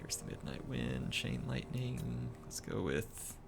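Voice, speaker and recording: A man commentating his own strategy game play in a chatty, excitable way, cheering at big moments. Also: fairly low pitch, slow, vocal fry. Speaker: gameplay commentator. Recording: game music behind the voice.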